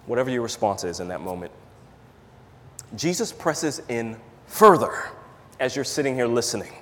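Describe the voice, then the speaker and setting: Emphatic preacher in a reverberant hall. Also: male voice, medium pitch, very animated, normal speed. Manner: emphatic, rhetorical questions, swings from loud to hushed. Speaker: pastor. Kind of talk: sermon.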